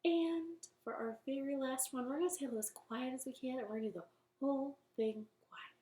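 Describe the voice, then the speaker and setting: A woman's voice: high-pitched, brisk, dark tone. A woman hosting a children's storytime from her living room, chatty and playful as she talks to young children. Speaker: library storytime host. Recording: roomy home recording with faint ukulele.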